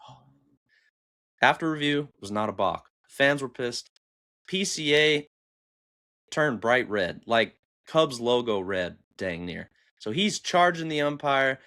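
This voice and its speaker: A man hosting a sports podcast, telling a game recap in an excitable, animated storytelling way. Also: mid-range voice. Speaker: podcast host. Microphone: camera on upper body, desk mic.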